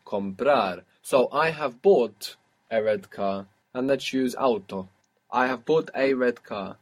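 A man's voice: mid-range voice, slow. A man teaching a language lesson, patiently prompting a student and praising each answer. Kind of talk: guided audio language lesson.

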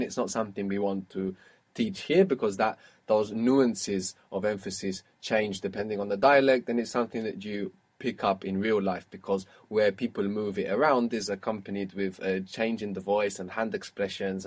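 A man's voice: lowish voice, darkish tone, slightly rough. A man teaching an audio language lesson, patiently prompting his student step by step.

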